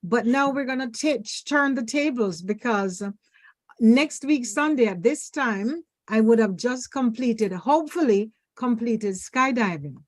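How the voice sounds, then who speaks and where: A woman from Ontario co-hosts a talk show with a chatty, easy manner. Her voice sits a little high. The sound is dry and close. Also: lively intonation, unhurried, no echo. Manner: chatty, finishes others' sentences. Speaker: radio show co-host. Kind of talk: casual talk show chat.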